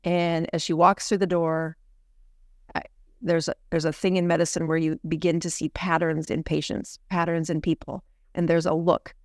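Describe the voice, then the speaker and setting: Her voice sits on the low side and sounds a little mellow as this middle-aged American physician earnestly recounts something personal, frequently restarting with "you know." The sound is dry and clean, studio grade.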